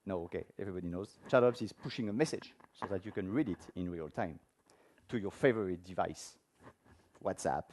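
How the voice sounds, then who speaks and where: A man's voice: sits low, a little fast, a little mellow. A man giving a technical conference talk with a live demo, speaking informally and asking the audience questions. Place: conference room before an audience.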